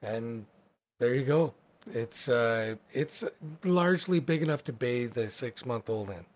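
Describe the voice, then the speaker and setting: A man narrating a tabletop game as its game master, rambling and relaxed. His voice is mid-pitched, and his talk is casual and full of fillers. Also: measured pace.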